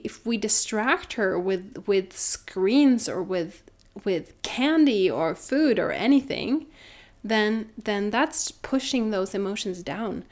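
A woman in her thirties, a mother and doula, telling her own story in an earnest, reflective way with many restarts. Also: mid-range voice. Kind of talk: personal storytelling in conversation.

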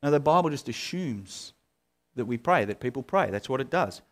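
A male pastor, preaching in a relaxed, conversational way, full of fillers and restarts. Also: medium pitch, normal speed. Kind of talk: sermon.

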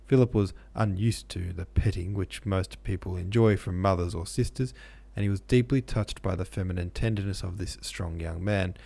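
A man narrating a classic novel in a steady, measured reading. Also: sits low, gravelly. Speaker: podcast host and audiobook narrator.

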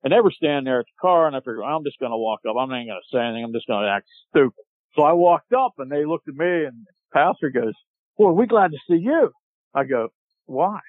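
A man telling a long hunting story as a podcast guest, animated and laughing as he goes. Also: medium pitch, fast talker, no room sound. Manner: animated, laughs while telling, acts out shouted quotes. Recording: tinny dry phone-line audio.

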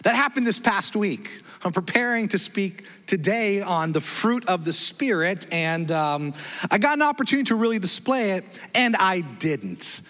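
A male pastor with a high, bright voice that leaps up and down as he tells a story from the pulpit and acts out every exchange. His sermon carries a long, ringing reverb from the church hall. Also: normal speed. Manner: animated storytelling, acts out dialogue, self-deprecating. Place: church sanctuary.

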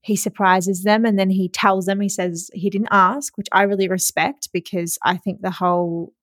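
A young Australian woman hosting a podcast, telling a story in a chatty, excitable way with frequent laughs and casual swearing. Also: medium pitch, moderate pace, dry recording. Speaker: podcast host.

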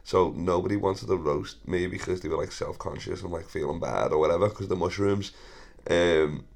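A thirty-year-old podcast host tells rambling, sweary stories in a casual monologue, laughing often and correcting himself. His voice is low and gravelly, at a moderate pace.

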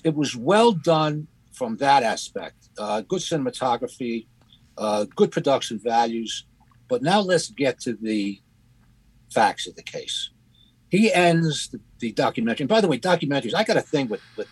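Husky man, halting podcast critique. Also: mid-range voice, no room sound, low-quality recording. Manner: halting, many fillers and restarts. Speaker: podcast co-host. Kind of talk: casual critique chat.

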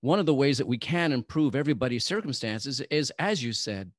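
A man's voice: medium pitch, animated, a little fast, dry recording, clean studio sound. A man hosting an interview, speaking in an encouraging and reflective way as he responds to his guest. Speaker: host. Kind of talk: interview conversation.

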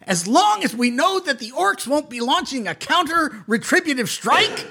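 A man doing a pompous, excitable little kobold king. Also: very high-pitched, moderate pace, gravelly, pitched above the performer's own voice, heavily acted. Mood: pompous excitement. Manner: grand, excitable proclamations.

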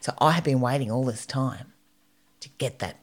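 A woman's voice: extremely low pitch, moderate pace. A middle-aged Australian woman co-hosting a podcast, telling stories animatedly in casual chat and swearing freely. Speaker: podcast co-host.

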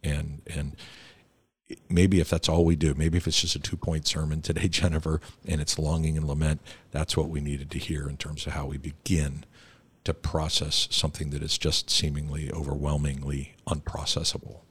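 A middle-aged man with an extremely deep, husky voice hosts a church podcast interview. He speaks reflectively and thoughtfully, with a fairly flat, even delivery. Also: normal speed, dry recording. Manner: reflective, thoughtful, with brief affirmations. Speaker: podcast host, church stated clerk. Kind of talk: conversational interview.

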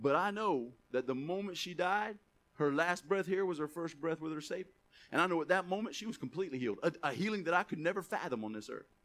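Male pastor, emphatic sermon delivery, high and sharp tone. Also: animated, quick pace. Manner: emphatic preaching, rising to shouts then dropping soft.

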